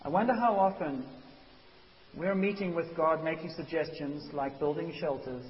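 A man preaching a sermon as a pastor, animated and conversational, acting out quotes. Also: on the high side, moderate pace. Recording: dull hissy recording in a reverberant hall.

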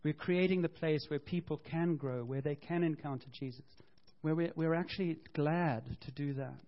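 Lively pastor preaching, lo-fi sound. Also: male voice, fairly high pitch, normal speed. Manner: animated storytelling with voiced quotes and self-corrections. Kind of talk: sermon. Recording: dull lo-fi sound.

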